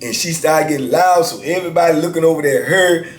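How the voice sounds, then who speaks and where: A man's voice: fairly high pitch, fast. A man in his fifties casually telling stories as a channel host, laid-back and peppering his talk with "man" and "you know what I'm saying.". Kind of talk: casual storytelling. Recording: echoey room with faint background hiss.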